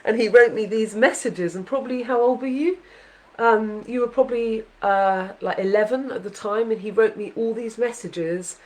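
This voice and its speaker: A woman's voice: on the high side, normal speed, few pauses, poor audio. A woman hosting a casual chat with her son, heartfelt and rambling, full of fillers and restarts. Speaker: podcast host, mother.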